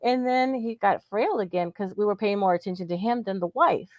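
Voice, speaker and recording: A woman's voice: medium pitch, fairly quick, darkish tone, no room sound. A woman co-hosting a live podcast, telling stories in a chatty way and often chiming in to agree. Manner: chatty storyteller, backs up her co-host with short agreements. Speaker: podcast co-host. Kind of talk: casual chat on a live podcast.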